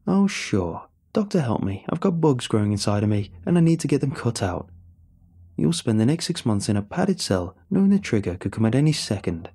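A man's voice: fairly low pitch, big pitch swings, fairly quick, hardly any pauses, warm tone, breathy edge, heavily acted. A man voicing a cruel male office supervisor who sneers and mocks. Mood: mocking. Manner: sneering, mocking.

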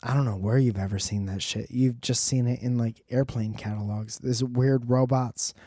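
A man's voice: mid-range voice, steady tone, moderate pace, mellow, breathy edge, no room sound, studio quality. A man doing a rambling, profane comedic monologue with joking asides.

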